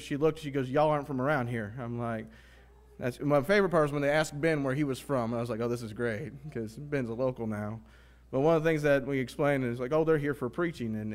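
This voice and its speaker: A man introducing a guest preacher in church, chatty, with frequent restarts. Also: mid-range voice. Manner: chatty, warm praise, stumbling restarts. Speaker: song leader introducing the preacher.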